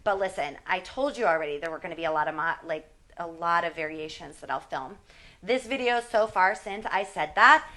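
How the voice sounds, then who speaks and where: A woman's voice: fairly low pitch, fairly quick, bright, forceful tone. A woman in her forties, a fitness instructor, chatting casually while demonstrating exercises, sometimes strained from the effort. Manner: chatty, self-deprecating, talks while exercising. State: strained from exertion.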